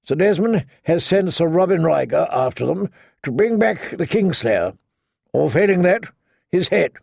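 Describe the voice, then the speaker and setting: A man's voice: a little high, expressive, measured pace, gravelly, darkish tone, breathy edge, no room sound, studio quality, voice pushed up, exaggerated voice. Man playing a grave courtier with bad news. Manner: formal, grave. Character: male courtier bringing grim news.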